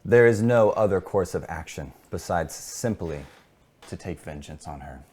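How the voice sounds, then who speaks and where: A man's voice: low-pitched, expressive, moderate pace, a little mellow. A man voicing a pompous, vengeful male merchant guild leader in a tabletop game. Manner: pompous, formal speech.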